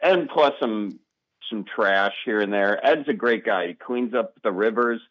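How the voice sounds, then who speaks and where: A man with a Wisconsin accent, a comedian chatting as a guest in an interview, relaxed and rambling with lots of ums. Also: on the low side, a little slow, no echo, muffled recording. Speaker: guest, comedian and video maker. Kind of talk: casual interview chat.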